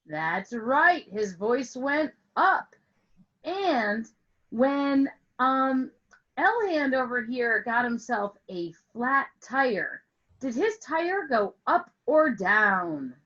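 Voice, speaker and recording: A woman's voice: high-pitched, big pitch swings, very slow, a bit bright, muffled recording. A woman music teacher telling a playful story to explain a lesson, asking questions and stretching words for emphasis over an online call. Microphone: online call with screen share.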